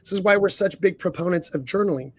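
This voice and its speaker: A man co-hosting a leadership coaching podcast, earnest, stacking up rhetorical questions and often clearing his throat. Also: sits high, fast talker, fairly bright tone, no echo.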